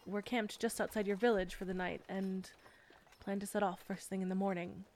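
A woman's voice: medium pitch, flat delivery, moderate pace, a little hiss or hum, lightly acted. A woman playing a bashful war-weary knight. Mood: shy, tender. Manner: hesitant and bashful, many soft fillers. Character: shy, war-weary female knight commander. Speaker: audio role-play performer. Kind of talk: audio role-play.

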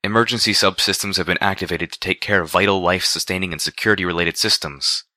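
A man voicing a calm, sweet-sounding female pony speaking in a recorded message. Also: low-pitched, fast, no room sound, studio quality. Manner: calming and reassuring.

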